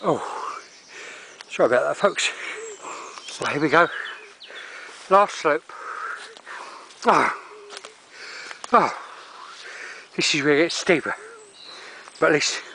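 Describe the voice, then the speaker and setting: An older Cockney vlogger wheezes and gasps for breath while narrating his climb up a steep wooded hillside outdoors. His voice is on the high side with a sharp tone, and there's a little hiss or hum.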